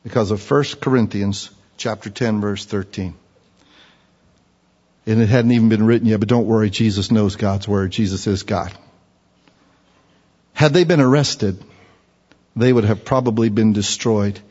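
A man's voice: on the low side, fairly even intonation, measured pace, pauses often, a little mellow, slightly rough. A middle-aged man preaching a sermon, telling Bible stories with humor and acting out the scenes. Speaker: pastor. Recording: dull recording with long hall reverb.

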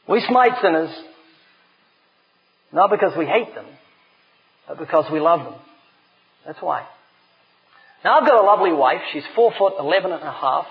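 Middle-aged male preacher, high-pitched and lively, on a muffled, lo-fi tape. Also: normal speed, long pauses. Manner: animated storyteller, emphatic. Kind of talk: sermon with humorous anecdotes. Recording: dull lo-fi recording.

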